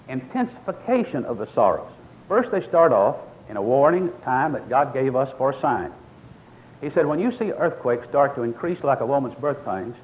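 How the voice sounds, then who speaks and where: A man's voice: mid-range voice, dull audio, slight background noise. An older man preaching a sermon, explaining scripture in a folksy, storytelling way and reading verses aloud.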